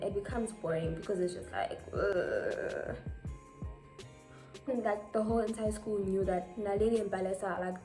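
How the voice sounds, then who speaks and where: A woman's voice: medium pitch, dark tone. A teenage girl telling a storytime, chatty and full of "like" fillers. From South Africa. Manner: chatty, filler-heavy retelling with lots of "like". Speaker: vlogger. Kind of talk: casual storytime.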